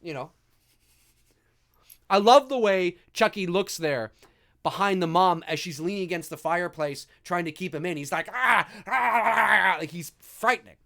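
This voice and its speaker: A man hosting a live movie commentary, talking in an animated, enthusiastic and rambling way. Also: sits high, moderate pace. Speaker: host.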